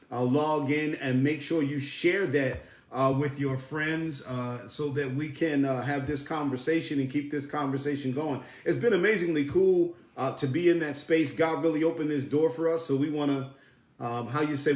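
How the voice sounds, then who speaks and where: A man's voice: on the high side, echoey room. A man from South Jersey hosting a casual livestream, greeting viewers by name in an upbeat, familiar way. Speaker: livestream host.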